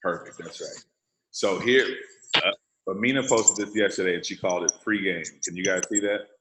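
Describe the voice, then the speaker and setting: Running a sales training session on a video call, this deep-voiced man walks the group through each step in a relaxed way and makes sure they're following. His pace is moderate, and the background is noisy with a roomy echo.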